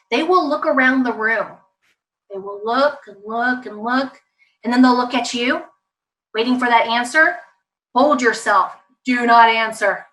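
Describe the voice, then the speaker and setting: Woman giving a parenting talk, bright punchy voice, slightly high, acts out what parents say. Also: recorded from a distance, poor audio. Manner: animated, acts out parent and child lines. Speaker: parenting speaker. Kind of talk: lively educational talk.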